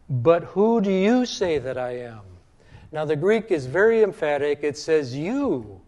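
Guy preaching a sermon, kinda high voice, slows way down on the bible quotes. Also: a little mellow. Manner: measured teaching tone with slow emphatic scripture quotes.

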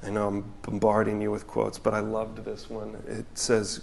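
A man preaching a sermon in an earnest, reflective way, reading quotations aloud and dropping into softer asides. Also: lowish voice, completely flat delivery, takes it slowly, gravelly, long pauses. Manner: earnest, reflective, reads quotes aloud, drops to soft asides. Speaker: pastor.

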